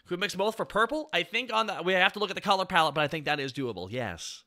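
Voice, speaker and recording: A man live-streaming as a VTuber in casual, goofy chat, jumping between loud bits and low mumbled asides. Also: animated, quick pace, few pauses.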